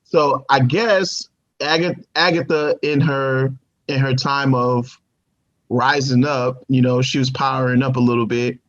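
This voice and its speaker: A man co-hosting a TV review show in casual chat, animated and laughing often, repeating himself as he talks. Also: medium pitch, a little slow. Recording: dull lo-fi audio.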